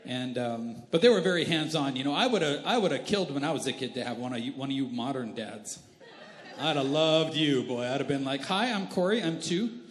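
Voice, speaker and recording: A man's voice: mid-range voice, lively intonation, a little fast. A male pastor in his thirties telling funny family stories in a sermon, self-deprecating and chatty, with asides to the congregation. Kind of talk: humorous sermon storytelling. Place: large church hall. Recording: roomy church hall with long reverb.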